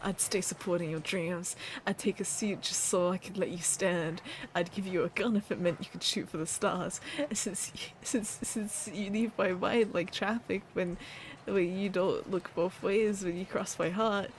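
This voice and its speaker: A woman with a medium-pitched voice streams casually, reading viewer submissions aloud and repeating words with a playful laugh. There's a little hiss or hum on the audio.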